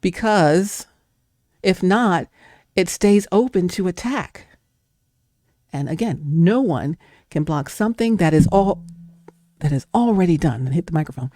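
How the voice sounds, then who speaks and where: A woman's voice: lowish voice, lively intonation, unhurried, pauses often, mellow, dry recording, studio quality. A woman giving an emphatic, preacher-like faith talk, acting out doubting voices. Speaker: guest speaker.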